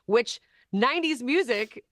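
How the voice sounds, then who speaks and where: A woman's voice: on the high side, lively intonation, a little slow, a bit bright, no room sound, studio quality. A woman appearing as a guest on a television talk show, chatting about music with bubbly enthusiasm. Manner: enthusiastic, conversational. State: slightly parched. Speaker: radio host, guest.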